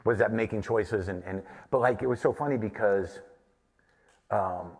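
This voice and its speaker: A man's voice: fairly low pitch, moderate pace, a little mellow, husky, big-room sound. Rambling profane storyteller, man on stage. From New Mexico. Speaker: comedian and podcaster, guest. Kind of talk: live on-stage conversation. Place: theater stage before an audience.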